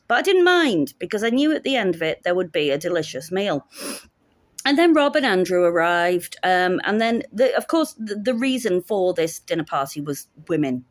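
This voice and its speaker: A woman recounts her week in a casual vlog, with a wry and sarcastic edge. Her voice sits fairly low. The sound is dry and close, with no room around it. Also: sing-song, normal speed, no room sound. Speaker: teacher.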